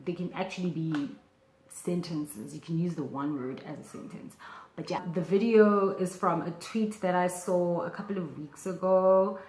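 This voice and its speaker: A young woman teaching a casual video language lesson, chatty and animated, with bursts of excitement and many fillers. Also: fairly low pitch, moderate pace, echoey room, slight background noise.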